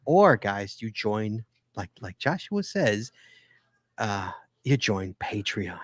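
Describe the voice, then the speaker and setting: A man's voice: fairly low pitch, sing-song, slow, no room sound. A man hosting a live podcast, chatting casually and joking with his guests in a rambling way. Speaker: podcast host.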